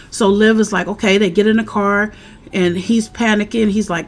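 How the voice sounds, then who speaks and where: A woman, a parent, chatting casually outdoors in the wind as she recaps a TV episode and acts out the characters' lines with animated energy. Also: mid-range voice, moderate pace, faint music behind. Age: adult parent. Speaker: show recap vlogger. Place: outdoors, windy.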